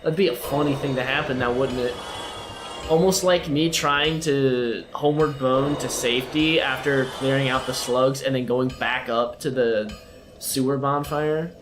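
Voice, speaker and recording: A man's voice: medium pitch, steady tone, a little slow, noisy background. A man live-streaming a video game, chatting with viewers and teasing them and the game in a playful way.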